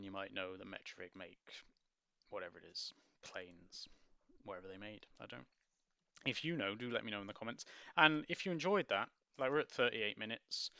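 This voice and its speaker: A low-voiced man with a gravelly, bright edge, reviewing a book in a rambling, musing way. The sound is dry and dull, like a lo-fi home recording. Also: no room sound. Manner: rambling, musing, self-correcting. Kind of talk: casual book review with read-aloud.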